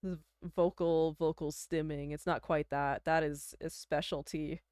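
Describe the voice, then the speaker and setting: Young canadian woman streaming, rambly and giggly, smooth clear voice, dead dry close mic. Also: deep voice, steady tone, a little slow, a little mellow, no room sound. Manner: rambling, chatty, filler-heavy, giggly. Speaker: livestreamer. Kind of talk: casual chat.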